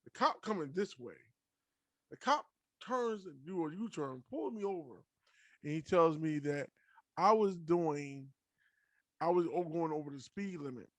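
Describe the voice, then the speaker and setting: Profane, animated young man telling stories. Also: a little high, no echo. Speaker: podcast host. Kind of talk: casual storytelling.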